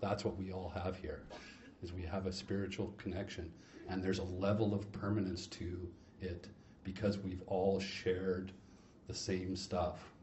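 A man speaking earnestly and reflectively at a recovery convention, pausing as he searches for words. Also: sits low, little pitch movement, darkish tone, roomy sound, dull audio, a little hiss or hum. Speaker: speaker introducing the next share. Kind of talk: heartfelt talk at a recovery convention. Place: convention hall.

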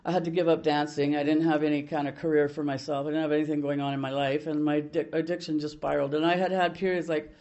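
A woman's voice: sits low, level tone, quick pace, few pauses, mellow, muffled recording. An older woman from Canada sharing her recovery story at a meeting, in a blunt, salty way with many restarts.

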